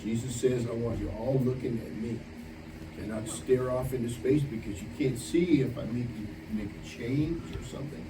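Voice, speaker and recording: A camp preacher, a man with a middle-pitched voice, teases the kids and snaps out quick commands. He sounds far from the microphone in a big echoey hall. Steady noise hangs behind him. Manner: playful teasing, barking quick commands. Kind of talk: leading a game for campers. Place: camp meeting hall with campers. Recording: echoey hall, distant mic, noisy.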